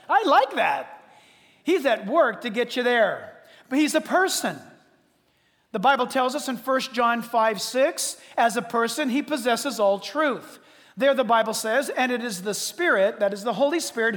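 A pastor preaching an emphatic, conversational sermon with casual asides. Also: male voice, very high voice, fairly bright tone. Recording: reverberant hall.

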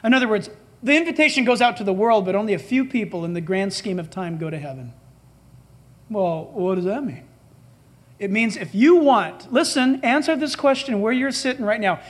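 A man's voice: high voice, lively intonation, moderate pace. A man preaching a sermon as pastor, emphatic and dramatic, acting out the dialogue he quotes.

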